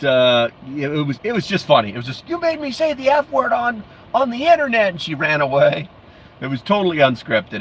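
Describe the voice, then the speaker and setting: A man's voice: medium pitch, fairly bright tone, a little hiss or hum. Rambling man on a livestream. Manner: rambling, many fillers and restarts; friendly, calls viewers bro. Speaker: livestream host. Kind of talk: casual livestream chat reading comments.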